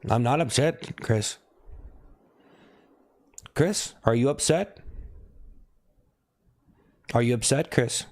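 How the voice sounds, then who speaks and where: A man talking casually on a live stream, thanking viewers by name and asking if he looks upset, with sudden high whoops. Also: slow pace, pauses often. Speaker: livestreamer.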